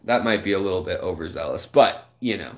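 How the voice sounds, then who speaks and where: A man's voice: deep voice, lively intonation, fairly quick. A man casually hosting an aquarium live stream, rambling, telling stories and greeting viewers by name.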